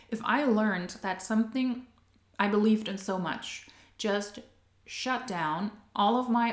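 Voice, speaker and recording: A woman giving critical commentary in a blunt, questioning manner. Her voice sits at a middle pitch. The room around her is echoey. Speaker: commentary video host.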